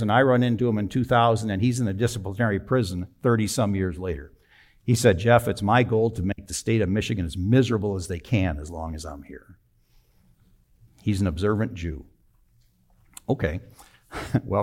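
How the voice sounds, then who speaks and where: A man in his sixties telling a personal story in a sermon, conversational and emphatic, with sudden drops to a low, quiet voice. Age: 60s. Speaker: preacher.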